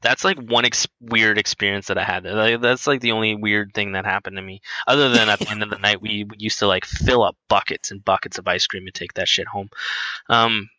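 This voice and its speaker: A man's voice: fairly low pitch, fairly even intonation, brisk, pushed and bright, dry recording, poor audio. A young man telling a casual story in a rambling way, full of fillers and restarts.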